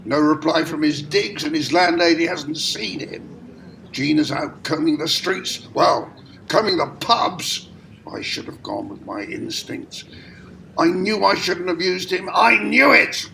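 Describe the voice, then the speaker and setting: A harried theatre director, played by a man, snaps out orders in a bright, sharp voice with a gravelly edge. His pitch sits high and jumps around. He is curt and sardonic throughout. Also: lively intonation, measured pace, slight background noise, full character voice. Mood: exasperated.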